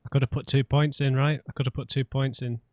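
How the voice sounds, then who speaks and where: A man's voice: mid-range voice, level tone, fast, a little mellow, a little hiss or hum. A man hosting a let's play, reading the game's choices aloud and reacting with mounting frustration. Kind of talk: gameplay commentary.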